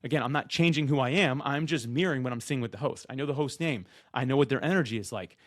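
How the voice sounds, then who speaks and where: A man who talks loud and fast, coaching people on being podcast guests in an energetic, direct-to-camera way, often acting out what guests and hosts say. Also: mid-range voice, no echo, studio quality.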